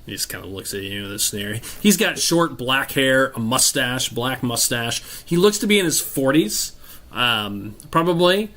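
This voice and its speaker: A man narrating as game master of a tabletop game, descriptive and relaxed, with many fillers. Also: medium pitch, normal speed.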